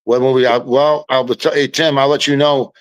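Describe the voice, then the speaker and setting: An animated man, talking at an everyday middle pitch. He tells stories in a loose, casual way, repeating and restarting words as he goes. The sound is close and dry. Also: brisk, clean tone, dry recording, poor audio. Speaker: podcast guest. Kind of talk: casual storytelling chat.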